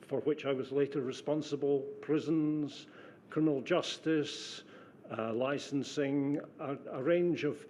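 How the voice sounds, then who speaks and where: An older man answering questions at a formal inquiry, careful and precise, with frequent pauses and fillers. His voice sits somewhat high for a man yet sounds dark and mellow. A faint hiss of noise runs underneath. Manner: measured, precise, hesitant with fillers. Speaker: witness, former civil servant.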